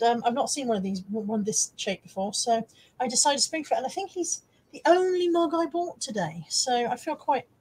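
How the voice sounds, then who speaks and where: A woman's voice: on the high side, a little mellow, husky, low-quality recording. A woman hosting a casual live stream, chatting and laughing as she reads out viewer comments. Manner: chatty, self-mocking, laughs often. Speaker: live-stream host reselling on eBay.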